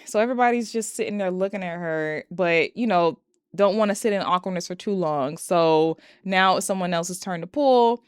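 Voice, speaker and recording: A woman's voice: lowish voice, normal speed, clean tone, no room sound, clean studio sound. A young woman casually recapping and reviewing a movie, chatty and profane, retelling scenes dramatically.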